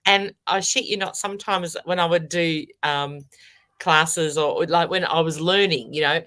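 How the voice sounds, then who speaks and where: Bright-voiced woman. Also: sits low, steady tone, moderate pace. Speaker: guest medium. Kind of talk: casual chat.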